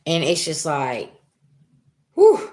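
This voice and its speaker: A woman's voice: on the low side, measured pace. A woman reading on a live stream, talking in a chatty, emphatic way and throwing out rhetorical questions. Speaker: live-stream spiritual reader. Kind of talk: casual live-stream monologue.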